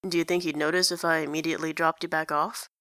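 A woman voicing a sleepy, sarcastic young man who mumbles his lines in a deadpan way. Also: low-pitched, fast, no room sound, clean studio sound.

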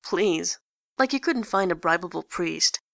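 A woman's voice: on the low side, expressive, unhurried, vocal fry, a bit bright, no echo, clean studio sound, exaggerated voice. A woman voicing a brash, cheeky teenage boy who swears bluntly.

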